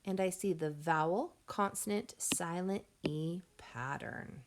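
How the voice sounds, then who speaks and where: A woman teaching a phonics lesson to young children, sounding out words slowly and clearly and encouraging the class. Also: lowish voice, slight background noise. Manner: encouraging, addresses class as friends.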